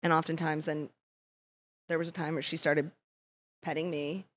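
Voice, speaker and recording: A woman's voice: low-pitched, little pitch movement, moderate pace. A woman chatting casually as a podcast guest, laughing often as she tells her stories. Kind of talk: casual chat.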